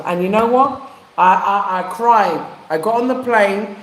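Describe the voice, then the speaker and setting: A woman's voice: medium pitch, normal speed. A woman from England telling a heartfelt personal story in casual chat, using street slang. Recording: echoey room.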